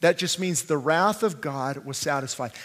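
A male pastor preaching a sermon, swinging between hushed pleading and fervent shouting and repeating phrases for emphasis. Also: fairly high pitch, normal speed, big-room sound. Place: church sanctuary.

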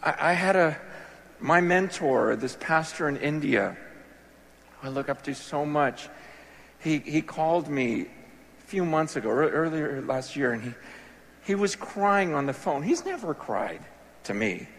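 A male pastor preaching a sermon, impassioned, swinging between loud emphasis and hushed, soft passages. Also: a little high, animated, a little slow. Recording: long reverb of a large hall.

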